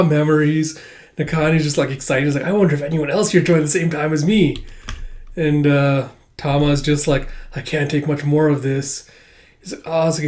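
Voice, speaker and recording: A man with a voice a little higher than most recaps a comic chapter in a loose, chatty way, full of fillers. He reads the characters' lines aloud, jumping up in pitch and volume for them. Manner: acts out characters' lines with jumps in pitch and loudness, laughs often; casual and chatty, many fillers. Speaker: manga reader and commentator. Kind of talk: casual recap, reading dialogue aloud.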